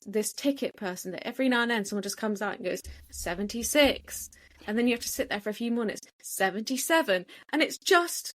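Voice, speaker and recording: Chatty woman telling a story. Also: medium pitch. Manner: animated storyteller, acts out quotes. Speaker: podcast host. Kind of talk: casual chat.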